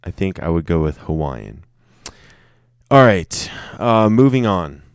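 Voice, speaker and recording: Deep voiced guy riffing solo, lots of swearing and restarts, dry close sound. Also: big pitch swings, a little slow, clean tone, dry recording. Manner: joking, profane, stumbling over words. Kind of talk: casual off-the-cuff monologue.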